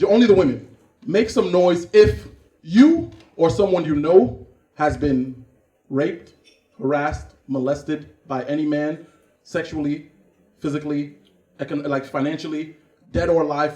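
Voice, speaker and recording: A man from Cameroon doing stand-up comedy, animated and acting out scenes. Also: on the high side, normal speed. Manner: animated, acts out scenes and voices. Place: comedy club stage. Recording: roomy club, far from mic, audience laughing.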